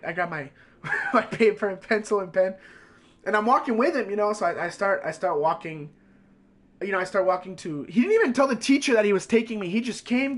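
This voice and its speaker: High-voiced man telling a story full of swearing. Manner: animated, heavy swearing, filler-laden. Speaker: streamer. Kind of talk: casual storytelling.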